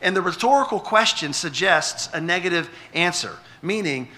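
Man, middle-aged pastor, high-ish and very bright voice, talks the congregation through a passage. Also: lively intonation, normal speed. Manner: conversational, repeats words when restarting; asks the congregation questions. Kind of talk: sermon.

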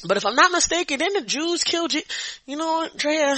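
Young woman podcast host, blunt rambling rant, bright voice, dry close mic. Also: sits high, big pitch swings, normal speed, no room sound. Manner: profane, blunt and rambling with frequent laughs. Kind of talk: casual ranting monologue.

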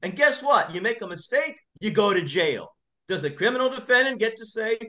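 The lawyer on this podcast interview sounds high-pitched on a lo-fi recording, speaking at a normal pace. He tells his stories as a guest with animated, impassioned energy.

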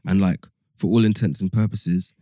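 A man in a casual discussion, summarizing points in a measured way. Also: low voice, fairly even intonation, dark tone, no room sound, clean studio sound.

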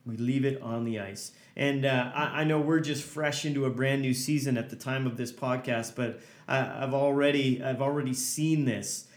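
A man's voice: mid-range voice, steady tone, moderate pace, few pauses, echoey room. A man hosting a motivational podcast as a hockey coach, talking earnestly and hammering points home with repeated lists.

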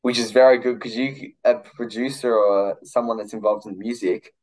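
A man's voice: mid-range voice, fairly even intonation, moderate pace, darkish tone, low-quality recording. A young Australian man hosting a podcast, chatting casually in a laid-back, slangy way with lots of "like". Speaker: podcast host. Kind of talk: casual chat.

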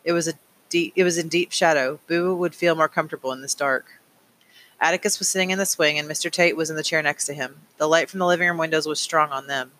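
Bright-voiced man reading a novel. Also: fairly high pitch, fairly even intonation, quick pace, slight background noise, rough recording. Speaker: audiobook reader. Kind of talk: audiobook narration.

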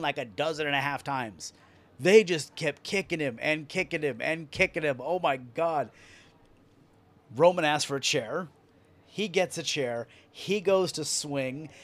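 Excitable man recapping with profanity. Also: fairly high pitch. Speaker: podcast host. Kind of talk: casual wrestling recap.

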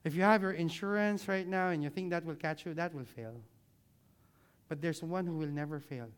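Using slides, this pastor delivers his sermon in a smooth voice at a moderate pace. He drops low to stress key points and leads the congregation in repeating words after him.

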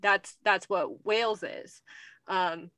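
A woman's voice: mid-range voice, slow pace, a bit bright, dry recording. An American woman co-hosting a podcast in casual chat, thinking aloud and rambling with lots of fillers. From United States. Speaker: podcast co-host.

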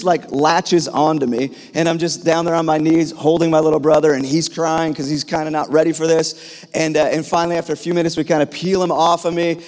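A man's voice: fairly high pitch, a little mellow. A man in his thirties preaching a sermon, telling a personal story with frequent fillers and restarts. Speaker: pastor. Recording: long hall reverb.

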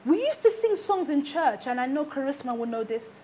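Her voice high, bright and sing-song, a woman preacher moves a little fast through an emphatic sermon. She presses her points on the congregation by repeating rhetorical questions.

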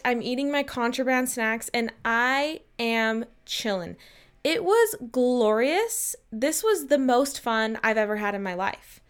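A woman in her twenties tells a personal story to camera in a casual vlog. She is chatty and upbeat and slips into animated quotes. Her voice is smooth, clear, and a touch high. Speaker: vlogger.

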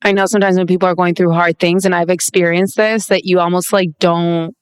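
A woman in a casual chat, speaking gently and tentatively in support. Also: lowish voice, little pitch movement, fairly quick, clear, resonant tone, no room sound, studio quality.

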